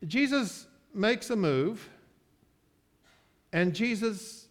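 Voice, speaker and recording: A man preaching a sermon, moving from quiet asides to loud, drawn-out declarations. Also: high-pitched, expressive. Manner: slow, emphatic preaching with sports metaphors; swings from soft asides to loud, stretched-out declarations. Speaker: pastor.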